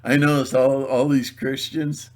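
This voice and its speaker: Slow, rambling sarcastic man. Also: mid-range voice, flat delivery, darkish tone. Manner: sarcastic, mocking, laughs at own jokes; halting, repeats words and restarts. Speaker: video blogger. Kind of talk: rambling solo monologue.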